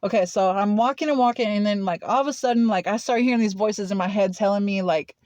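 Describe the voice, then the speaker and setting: A woman's voice: medium pitch, fast, a little mellow, no room sound. Rambling woman telling a story, dry sound. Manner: rambling, heavy use of "like" and restarts. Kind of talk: casual personal storytelling. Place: Nashville.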